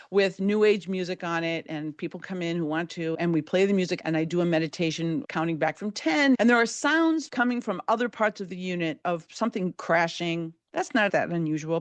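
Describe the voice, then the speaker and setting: A woman's voice: on the low side, no room sound. Dry, close woman telling a true story. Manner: measured, vivid storytelling with dramatic build. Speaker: podcast host and storyteller. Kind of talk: first-person true storytelling.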